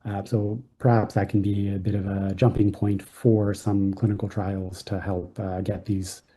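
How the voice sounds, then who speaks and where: A man's voice: fairly low pitch, little pitch movement, measured pace, mellow, breathy edge. A man presenting a clinical research study at a conference, hesitant and full of ums and uhs.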